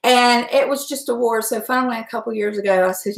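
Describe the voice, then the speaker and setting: A woman's voice: fairly high pitch, fairly even intonation, fairly quick, creaky, hardly any pauses. A middle-aged woman, chatting salty and laughing often while she hosts a cooking livestream. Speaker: host. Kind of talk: casual livestream chat. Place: home kitchen. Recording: echoey room.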